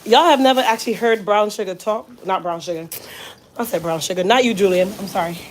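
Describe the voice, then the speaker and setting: A woman's voice: mid-range voice, brisk, slight background noise. A woman hosting her hair care channel, chatting casually with viewers in a playful, teasing, slangy way.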